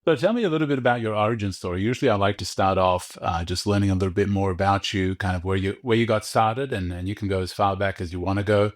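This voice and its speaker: Jokey low-voiced male podcast host. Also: fast talker, hardly any pauses. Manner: friendly, jokey, laughs often. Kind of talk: casual conversational interview.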